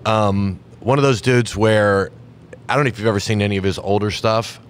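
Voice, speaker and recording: A man's voice: on the low side, steady tone, normal speed, a little hiss or hum. A male comedian guest telling rambling stories in casual chat, restarting his sentences as he goes.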